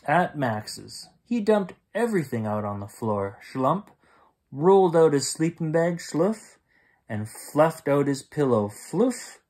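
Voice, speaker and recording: Slow, expressive man reading a bedtime story. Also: on the high side. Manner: slow and expressive, with sound effects. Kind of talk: bedtime story read-aloud.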